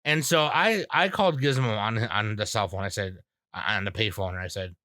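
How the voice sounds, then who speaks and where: A man hosts a casual podcast, his voice bright and forward. He rambles through stories with crude jokes and easy banter. The sound is dry and close, with no room around it. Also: lowish voice, moderate pace, dry recording. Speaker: podcast host.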